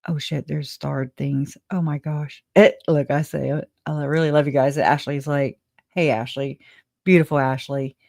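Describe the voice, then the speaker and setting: A woman's voice: low voice, level tone, moderate pace, vocal fry, few pauses, a little mellow, no room sound, clean studio sound. A woman hosting a casual livestream and reading viewer comments aloud. She rambles, laughs often, swears casually and sounds emotional and grateful. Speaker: livestream host.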